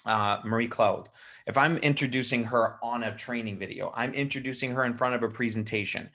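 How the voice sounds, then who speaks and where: Guy running a team training, gravelly voice, lively and playful, does little voices for personality types. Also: medium pitch. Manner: animated, acts out personality types in quick put-on voices. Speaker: network marketing trainer. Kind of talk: live team training talk.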